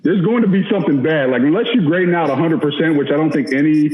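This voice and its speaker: A man's voice: a little high, fast. A man, a former college lineman, telling a self-deprecating story as a podcast guest. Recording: roomy, slightly dull audio with faint noise.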